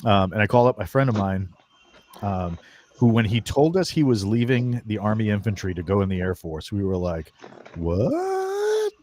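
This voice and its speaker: A man's voice: fairly low pitch, brisk. A man guest author on a video call, telling stories in casual chat and acting out his friends' voices. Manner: animated storyteller, acts out quoted friends.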